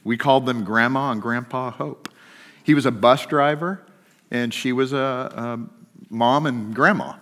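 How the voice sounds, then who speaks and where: A middle-aged man telling a personal story during a sermon, shifting between lively and hushed. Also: medium pitch, measured pace. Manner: storytelling, swings from animated to hushed. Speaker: guest speaker. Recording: long hall reverb.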